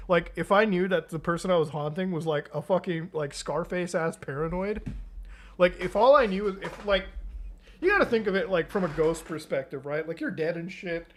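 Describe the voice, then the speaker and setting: A man's voice: high-pitched, moderate pace, a bit bright, slight background noise. A man streaming, ranting casually in a rambling, profane and joking way. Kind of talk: casual reaction-stream rant.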